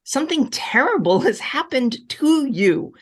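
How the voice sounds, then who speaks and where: A woman relationship coach answering audience questions in a live online session, speaking emphatically and repeating key reassurances. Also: a little slow. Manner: animated, with wide swings in pitch.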